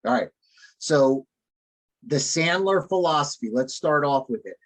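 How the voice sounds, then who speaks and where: A man with a fairly high speaking voice runs a live sales training over a video call. He drives his points home through repetition and keeps checking that the group follows along. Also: lively intonation, unhurried.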